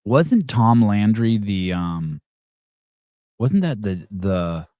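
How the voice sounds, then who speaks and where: A man's voice: fairly low pitch, big pitch swings, very slow, warm tone, dry recording, clean studio sound. A man hosting a live call-in podcast, rambling in a sarcastic, profane way. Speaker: podcast host.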